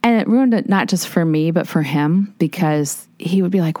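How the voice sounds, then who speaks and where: A woman's voice: lowish voice, moderate pace, warm tone, no room sound. A woman in her fifties, a guest in an interview, telling a personal story earnestly and acting out the voices of people she quotes. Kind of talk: personal testimony in a podcast interview.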